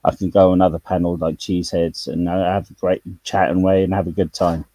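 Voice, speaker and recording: A man talks bluntly and jokes in a casual online chat, sitting low in his register. His tone is dark and relaxed, and the sound is dry, with no room around it. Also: fairly quick, no echo, poor audio. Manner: blunt, jokey, slips into Cockney slang. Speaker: YouTube channel host.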